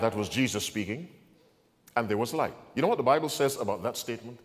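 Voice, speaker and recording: A male pastor preaching a sermon, asking the congregation to answer back and swinging between quiet asides and loud proclamation. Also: medium pitch, animated, fast, long reverb tail.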